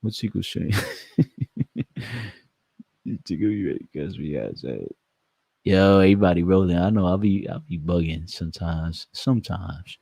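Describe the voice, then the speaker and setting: A man's voice: low-pitched, moderate pace, creaky, pauses often, warm tone, slightly rough, no room sound. A man, hosting a casual live stream, brash, profane and joking as he talks to his chat.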